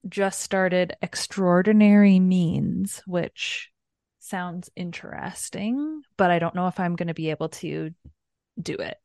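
A woman co-hosting a book club podcast, talking in a relaxed, conversational way. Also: lowish voice, slow, dry recording, studio quality. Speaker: podcast co-host. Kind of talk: casual chat.

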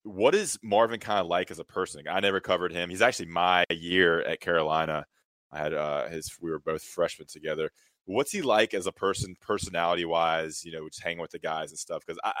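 A man's voice: sits low, fairly bright tone, dry recording. A male sports reporter co-hosting a casual chat, asking curious questions. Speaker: podcast co-host, sports reporter.

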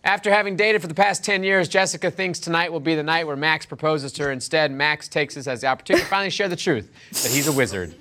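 A man hosting an improv comedy show, loose and quick to laugh, reading an ad and game rules. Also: on the high side, bright, forceful tone. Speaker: host.

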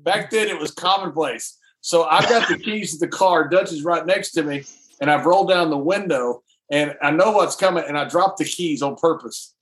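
Male host, slightly higher voice, lively storyteller, laughs while telling it. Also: normal speed, a little hiss or hum, rough recording. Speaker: podcast host. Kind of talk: casual storytelling.

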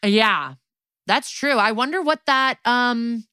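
A woman's voice: a little high, takes it slowly, sharp tone, clear, resonant tone, no room sound, studio quality. A woman podcast co-host giving a casual, chatty recap of a TV episode, full of "like" and the odd swear word.

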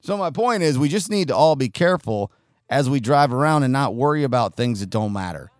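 A man's voice: medium pitch, expressive, fairly quick, dry recording, studio quality. A man hosting a talk show, giving a blunt, profane monologue and sometimes acting out angry drivers. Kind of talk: opinionated monologue.

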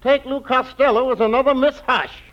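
A spry old messenger man cracks sly, folksy lines in a very high, reedy voice. The muffled sound of a 1940s radio broadcast surrounds him. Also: fairly even intonation, moderate pace. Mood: folksy teasing. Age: older. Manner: folksy, ungrammatical drawl. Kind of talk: 1940s radio comedy acting.

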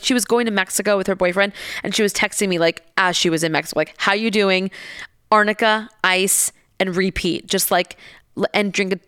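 Chatty young woman with a smooth voice. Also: mid-range voice, fairly bright tone, no room sound, studio quality. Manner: candid, chatty, swears, laughs often. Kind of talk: casual storytelling.

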